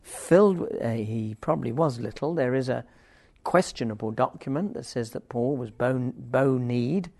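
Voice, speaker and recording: An older man teaching a Bible passage informally, rambling with wry asides and reading the scripture aloud forcefully. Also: medium pitch, moderate pace, creaky, few pauses, dry recording.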